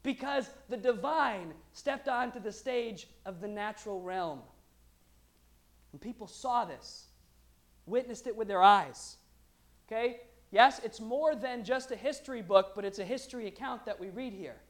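Woman preacher, chatty sermon with jokes thrown in, voice a bit on the high side. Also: a little slow. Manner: lively and conversational, with humorous asides.

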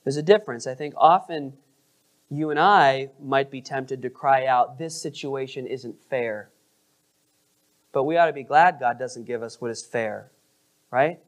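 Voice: medium pitch, normal speed. A pastor preaching a sermon, asking the congregation questions and stressing words expressively.

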